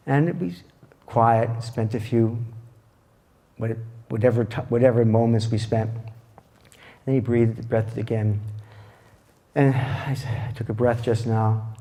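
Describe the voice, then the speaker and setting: A man giving a lecture as a therapist, telling a clinical case in a reflective, halting way with soft restarts. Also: mid-range voice, fairly even intonation, gravelly.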